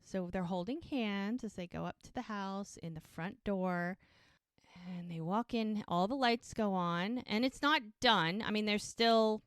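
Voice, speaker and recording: A woman's voice: mid-range voice, unhurried, clear, resonant tone, dry recording. A woman co-hosting a podcast, casually retelling TV scenes and quoting the characters' lines. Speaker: podcast co-host recapping episodes. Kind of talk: casual recap chat.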